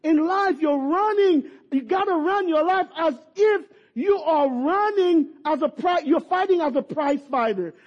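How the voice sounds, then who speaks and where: A man preaching a sermon with passion, at times rising to shouts, repeating and stumbling over words. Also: very high-pitched. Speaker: pastor. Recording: dull lo-fi recording.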